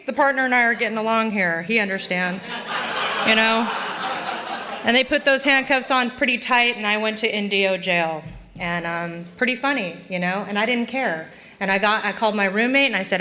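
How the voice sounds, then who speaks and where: Woman speaker at a meeting, middle-aged, self-mocking, bright crisp tone, a bit high. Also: moderate pace. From Los Angeles. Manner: candid, self-mocking, acts out past scenes in high voices. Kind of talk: personal story told to a live audience. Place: meeting hall.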